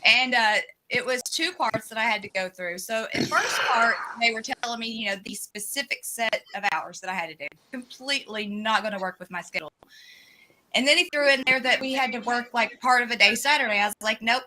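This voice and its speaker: A woman's voice: fairly high pitch, fairly quick, bright, forceful tone, low-quality recording. A woman chatting casually, telling a long personal story. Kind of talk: casual chat.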